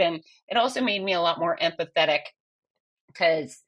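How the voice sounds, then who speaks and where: Bright-voiced woman, candid interview guest. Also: on the low side. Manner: candid, emotional, quick bursts. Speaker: fitness expert and race announcer, guest. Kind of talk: conversational interview.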